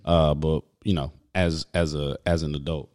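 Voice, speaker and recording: Deep-voiced laid-back man. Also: flat delivery, moderate pace, darkish tone. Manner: laid-back, laughs often, slangy. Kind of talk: casual chat.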